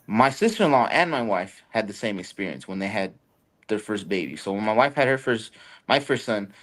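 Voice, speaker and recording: A young man hosting a podcast, telling a story in casual, profane chat and jumping into high voices to quote people. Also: a bit bright. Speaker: podcast host.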